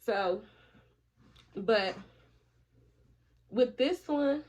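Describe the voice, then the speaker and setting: Profane, animated woman vlogger. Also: a little high, drawn-out words. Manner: profane, animated, acts out quoted friends. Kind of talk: casual storytelling chat. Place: at home, doing her hair while talking. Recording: dull lo-fi audio.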